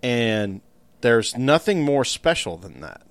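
A man co-hosting a casual podcast talks in a reflective, unhurried way, with frequent fillers. His voice sits at an ordinary middle pitch. The sound is close and dry. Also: very animated, no room sound. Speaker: podcast co-host. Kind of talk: casual chat.

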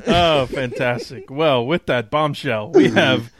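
A man in his thirties hosting a podcast, reacting quickly and laughing in casual chat, then wrapping up the show. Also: mid-range voice, over a noisy crowd. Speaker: podcast host.

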